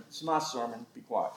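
A man's voice: on the high side, vocal fry, reverberant, very noisy. A man preaching a sermon, telling folksy stories with jokes. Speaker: pastor.

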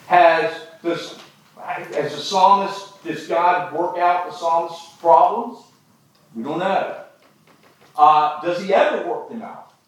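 High-voiced preacher in echoey hall. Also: male voice, slow pace. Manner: folksy storytelling with jokes. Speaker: pastor. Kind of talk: sermon.

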